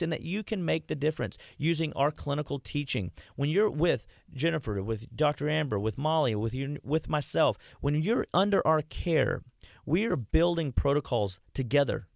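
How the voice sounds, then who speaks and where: A man's voice: fairly high pitch, gravelly, no echo, clean studio sound. A man who is a health clinician, guest on a radio show. He talks energetically to listeners he calls "guys", often restarts and repeats words, and acts out the voices of the people he quotes. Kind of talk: conversational radio health talk.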